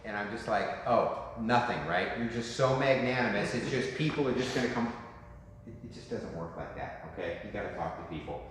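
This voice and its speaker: A man in his fifties coaching a room of real estate agents in a lively, joking way, asking "right?" often. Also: on the low side, fairly quick. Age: 50s. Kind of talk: talk to a room. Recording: echoey hall with faint noise.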